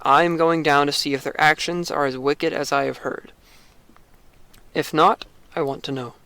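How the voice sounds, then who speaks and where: A man voicing the Lord in a read-aloud scripture story, speaking in a measured, declaring way with a few stumbles. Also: fairly high pitch, fairly even intonation, creaky, sharp tone, clean tone, no room sound. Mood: solemn. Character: the Lord, solemn divine male voice.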